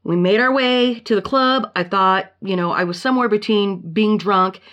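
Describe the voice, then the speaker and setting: A woman hosting a casual podcast, retelling a story in a blunt, profane, animated way. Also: mid-range voice, moderate pace, muffled recording. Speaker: podcast host.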